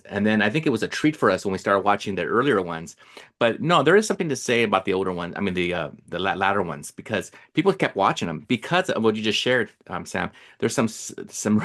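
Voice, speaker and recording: A man's voice: lowish voice, fairly bright tone. Rambling man co-hosting a podcast. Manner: rambling, many fillers and restarts. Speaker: podcast co-host. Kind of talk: casual chat.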